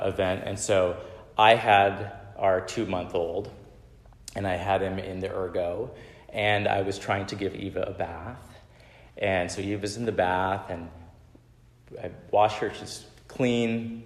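A man in his thirties giving a sermon, telling personal stories in a conversational way and often adding "right?". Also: deep voice. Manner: conversational, frequent "right?" tag questions. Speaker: pastor. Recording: echoey hall with long reverb.

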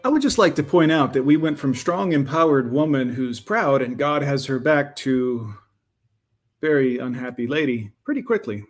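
A man's voice: mid-range voice, animated, normal speed, faint music behind. A man doing a sarcastic reaction commentary, interrupting a clip with wry asides.

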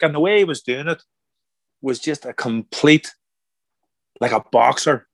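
A middle-aged man, a former boxer turned actor, telling stories in a casual interview, animated and acting out quoted voices. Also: medium pitch, unhurried, creaky, pauses often, no echo. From Ireland. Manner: animated, acts out quoted voices, repeats words. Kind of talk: casual conversational storytelling.

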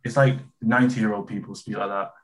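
A man's voice: lowish voice, fairly even intonation, a little fast, a little hiss or hum. A young English man with a West Country accent, chatting casually and often trailing off and restarting. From England. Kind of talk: casual chat.

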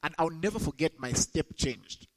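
A young adult man preaching a sermon to students, rising sharply in pitch when he quotes scripture. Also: lively intonation, moderate pace, low-quality recording. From Zambia. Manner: emphatic, rises sharply when quoting scripture.

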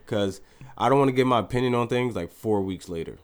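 A man's voice: medium pitch, a little fast, clean tone. A young man co-hosting a podcast in loose, rambling casual chat, swearing freely. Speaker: podcast co-host.

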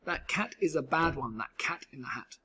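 A man with a husky voice voicing a worried little girl who scolds, in a storybook read-aloud. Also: on the high side, animated, moderate pace, bright, forceful tone, full character voice. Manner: anxious, scolding.

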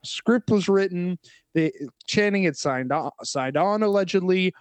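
A man co-hosting a podcast in casual chat, enthusiastic and quick to laugh. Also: high-pitched, lively intonation, no echo. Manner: enthusiastic, laughs easily, rambling restarts. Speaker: podcast co-host.

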